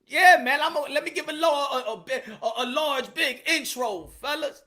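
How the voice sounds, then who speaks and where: Animated, slangy male boxing streamer. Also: very high-pitched, normal speed. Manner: animated, repetitive, slangy, reads chat aloud. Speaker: boxing channel host. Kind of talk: casual livestream chat.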